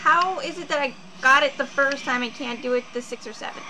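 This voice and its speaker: A woman's voice: sits high, brisk, noisy background. A woman streamer reacting to a horror game, jumpy and exclaiming, talking to herself as she plays. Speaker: gaming streamer. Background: game music.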